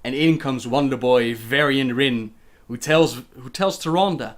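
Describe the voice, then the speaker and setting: A man's voice: medium pitch, unhurried. A young man with a Dutch accent, hosting a casual livestream where he reads viewer questions aloud and answers them chattily.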